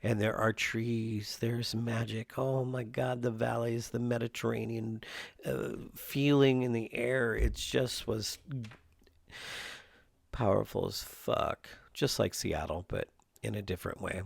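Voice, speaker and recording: A man's voice: mid-range voice, fairly even intonation, unhurried, gravelly, no echo. A man from Southern Oregon hosting a solo stream-of-consciousness podcast from home, rambling and swearing freely, restarting sentences mid-thought. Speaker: podcast host and performing artist. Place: at home with his cat.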